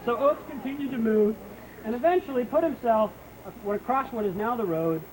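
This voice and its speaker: A man guiding an outdoor battlefield tour, telling history as a lively story and acting out what people said. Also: very high voice, normal speed. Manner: lively storyteller, acts out quotes. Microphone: hand-held camera. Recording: outdoor camcorder recording with noise.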